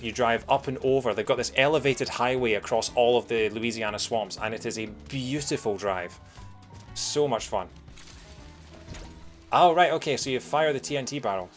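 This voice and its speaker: A man's voice: fairly low pitch, moderate pace, faint music behind. A man streaming a video game, chatting with viewers in a rambling, casual way. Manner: chatty, rambling with many fillers. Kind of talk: casual live-stream commentary.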